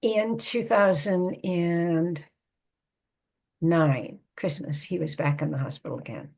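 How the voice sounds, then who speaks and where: An older woman, a psychotherapist and author, telling a personal family story in a measured, reflective way. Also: lowish voice, vocal fry, a little mellow.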